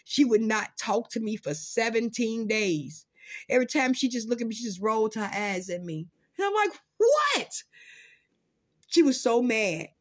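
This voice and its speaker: A woman vlogging in casual commentary, profane and dramatic, swinging between loud outbursts and low muttering. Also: normal speed. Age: adult parent.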